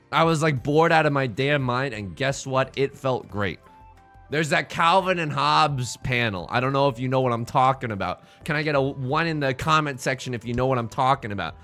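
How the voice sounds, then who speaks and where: A man's voice: mid-range voice, fairly bright tone. A man hosting a gaming video, chatting casually with joking, rambling asides, his voice a bit strained. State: voice strained from singing. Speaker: let's play host.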